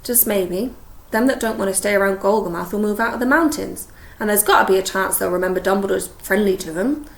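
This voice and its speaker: A huge, gruff half-giant man speaks in rough country talk, his voice gravelly and worn. A woman reads him out in an echoey room. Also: medium pitch, brisk, close to an everyday voice. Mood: weary.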